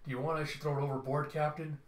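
A man's voice: fairly high pitch, flat delivery, quick pace, close to an everyday voice. A man voicing a brash, brawny, loyal female deckhand who talks bluntly, in a comic readthrough. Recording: roomy echo.

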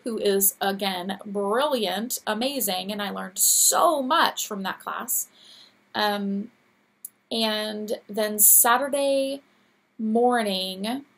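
A woman in her thirties chats in a relaxed, gushing way, laughing easily. Her voice is gravelly and husky, a little scratchy today. She sits at a middle pitch. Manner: chatty, gushing, laughs often. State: teary. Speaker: podcast host. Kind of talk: casual chat.

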